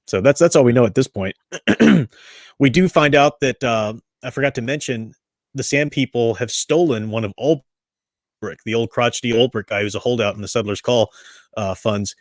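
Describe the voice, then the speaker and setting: A man hosting a relaxed book chat, rambling and chatty, full of restarts and fillers. His voice sits at an ordinary middle pitch. The sound is dry and close, with no room echo. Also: normal speed. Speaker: book study host. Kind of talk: casual book discussion.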